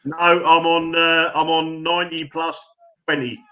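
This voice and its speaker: A man's voice: fairly high pitch, level tone, a little slow, pushed and bright, highs cut off. A man in his fifties chatting casually as a football fan on a live show, laughing as he tells stories. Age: 50s. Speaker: fan panelist.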